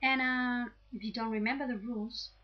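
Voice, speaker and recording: A woman's voice: a little high, fairly even intonation, normal speed. A woman teaching an English grammar lesson, explaining patiently and checking in with "okay?" after each point. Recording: slightly dull lo-fi audio.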